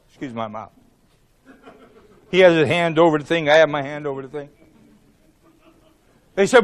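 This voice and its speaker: A man in his seventies from Ohio, a former congressman giving a blunt, animated rally speech, acting out the exchanges he describes. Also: on the high side, normal speed, long pauses. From Ohio, USA. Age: 70s. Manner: animated, acts out quoted exchanges, blunt and profane.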